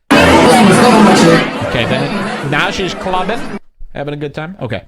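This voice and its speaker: A man with a somewhat high voice, hosting an offhand talk show. He reads messages aloud in a dry, mocking way, stopping for sardonic remarks. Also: very animated, slow pace, pauses often, a loud crowd, heavy background noise. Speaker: show host. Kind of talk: casual commentary reading posts aloud.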